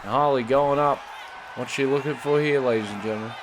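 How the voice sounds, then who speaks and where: A man's voice: mid-range voice, a little fast, a crowd in the background. Man doing hyped play-by-play in a noisy room. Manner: putting on an American announcer voice; bursts into excited shouting during action. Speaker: wrestling commentator. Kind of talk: play-by-play commentary over a wrestling video game.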